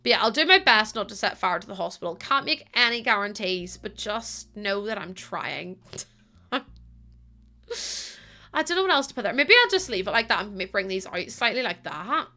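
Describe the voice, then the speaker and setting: A woman's voice: mid-range voice, sing-song, normal speed, sharp tone. A young woman live streaming, chatting casually with her viewers, giggling and playfully scolding them. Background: faint music.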